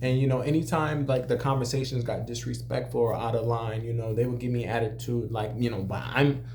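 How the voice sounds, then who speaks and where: Young man, cook, vlog storytelling. Mellow, relaxed tone, chatty with constant fillers, faint hum behind. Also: medium pitch, fairly quick. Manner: conversational, many "you know" fillers, animated when quoting others. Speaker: restaurant cook. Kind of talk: casual storytelling to camera.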